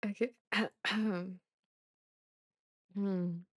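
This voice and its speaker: A woman hosting a live stream speaks softly and slowly, moved close to tears as she reads viewers' comments. Her pitch stays flat and even, and the close mic sounds dry with no room around it. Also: dry recording. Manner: tearful, laughing, soft and halting. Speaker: live session host. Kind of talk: emotional live-stream chat.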